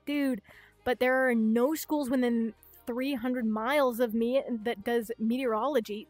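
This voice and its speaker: Young woman VTuber with a high voice and a dry close mic, faint music behind. Chats casually, rants and swears freely. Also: moderate pace, dry recording. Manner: animated ranting, frequent swearing, acts out voices. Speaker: VTuber streamer. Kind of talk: casual livestream chat.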